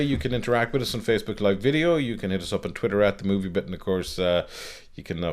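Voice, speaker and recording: Rambling, joking male podcast host. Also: medium pitch. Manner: rambling, joking, many fillers. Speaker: podcast host, film reviewer. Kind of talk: casual chat.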